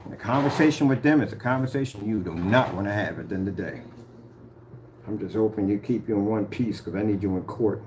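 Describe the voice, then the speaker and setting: A man's voice: fairly low pitch, fast talker, darkish tone, a little hiss or hum. A man speaking straight to the camera, confrontational and rambling as he warns a rival. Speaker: YouTuber addressing a rival. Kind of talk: direct-to-camera rant.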